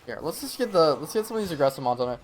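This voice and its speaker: A man commentating his own live gameplay stream, talking to himself and the game with quick reactions. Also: a little high, very animated, a little hiss or hum.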